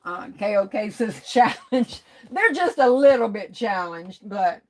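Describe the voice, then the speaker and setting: A woman's voice: mid-range voice, expressive, measured pace, darkish tone. Playful woman chatting. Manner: teasing, playful, laughs often, folksy slang. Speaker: craft livestream host. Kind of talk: casual livestream chat reading comments.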